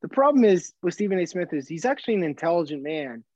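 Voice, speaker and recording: A man co-hosts a laid-back sports podcast, rambling, tripping over words, restarting sentences and cursing freely. His fairly high voice moves quickly through wide pitch swings and sounds slightly mellow. The recording is dull and dry.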